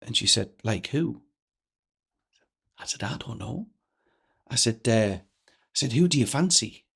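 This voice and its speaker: A man, a guest telling stories in a lively way and acting out the lines of the people in them. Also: medium pitch, a little slow, gravelly, slightly rough. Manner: energetic, acts out quoted dialogue. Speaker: guest speaker. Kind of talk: animated storytelling in a podcast interview.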